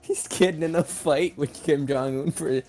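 A man's voice: a little high, moderate pace, darkish tone, faint music behind. A man chatting casually with a friend, joking around, quoting silly lines and laughing. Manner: jokey, playful, often laughing.

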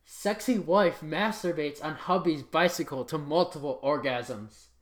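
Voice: medium pitch, a little slow. An adult reading a list of titles aloud for comic effect, in a mock-serious voice that keeps breaking into laughter, sometimes switching to an announcer voice. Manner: occasional announcer voice.

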